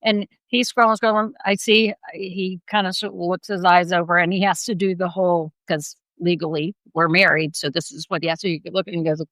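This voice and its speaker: With hardly any pauses, a middle-aged woman talks a little fast in a voice on the low side as she co-hosts a podcast. She tells stories animatedly in casual conversation, laughs frequently, and acts out quotes, all on a dry, low-quality recording.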